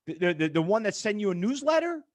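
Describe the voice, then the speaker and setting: Man, middle-aged, trading instructor, live class, high voice, very lively pitch, animated storytelling. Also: fast talker. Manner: animated, storytelling, acts out quoted exchanges.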